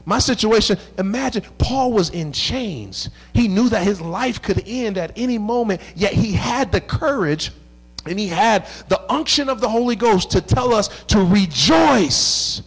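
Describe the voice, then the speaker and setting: A man preaching in a church, his voice pitched high for a man. He tells a long personal story in a lively, conversational way, slipping into the voices of the people in it. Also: moderate pace, husky. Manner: animated, conversational, acts out dialogue. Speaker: pastor. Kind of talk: storytelling sermon. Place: church sanctuary.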